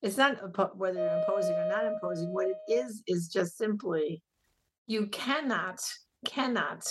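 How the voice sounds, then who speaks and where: A woman's voice: mid-range voice, moderate pace, background noise. A middle-aged woman, a guest on a radio talk show, speaking emphatically and telling stories with animation. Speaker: guest, pro-life ministry director.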